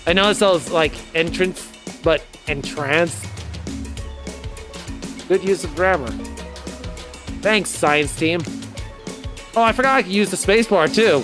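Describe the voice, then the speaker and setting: A man's voice: high-pitched, takes it slowly, long pauses. A male streamer reads a dating game aloud, commenting playfully and trying out character voices. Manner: playful, laughs at his own jokes, tries out character voices. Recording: game music behind voice.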